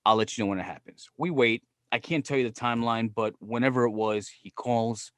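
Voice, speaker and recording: New guy, podcast storyteller, salty and animated, middle-pitched, dry close mic. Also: a little fast, no echo. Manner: profane, animated, quotes himself and others. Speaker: podcast guest. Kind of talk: casual storytelling.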